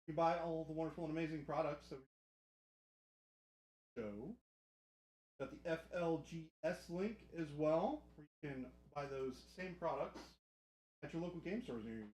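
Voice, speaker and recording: A man's voice: fairly high pitch, moderate pace, pauses often, darkish tone, echoey room. A man hosting a live hobby stream, chatting casually and joking with the chat. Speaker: livestream host. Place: hobby studio.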